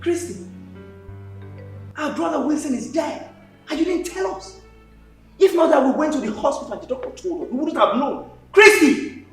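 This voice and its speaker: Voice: high voice, expressive, normal speed, long pauses, faint music behind. Nigerian actor as an angry uncle demanding answers, far from the mic, echoey, film drama. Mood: outraged. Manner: accusing, shouting demands. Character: outraged uncle, brother of the dead man. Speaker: brother-in-law.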